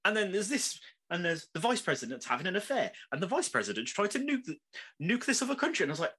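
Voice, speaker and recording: A man chatting casually as a podcast co-host, animated, swearing freely and laughing often. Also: high-pitched, quick pace, slightly rough. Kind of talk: casual chat.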